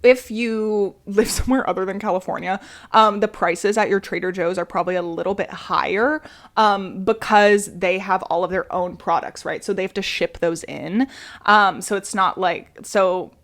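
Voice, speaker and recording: A woman's voice: mid-range voice, normal speed. A young woman from Iowa, co-hosting a podcast in a chatty, casual way, with lots of fillers and easy laughs. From Iowa, United States. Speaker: podcast co-host. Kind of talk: casual chat.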